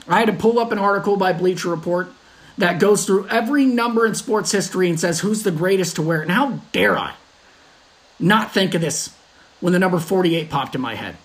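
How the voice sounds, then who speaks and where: A man hosting his own sports podcast, talking in a brash, trash-talking fan manner. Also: high voice. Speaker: podcast host. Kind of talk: solo sports podcast monologue.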